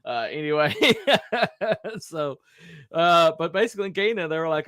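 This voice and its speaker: A man's voice: on the high side, normal speed, smooth, no echo. Male podcast host, casual storyteller, jumps up into playful character voices, dry close mic. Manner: animated, acts out quotes in raised voices, laughs often.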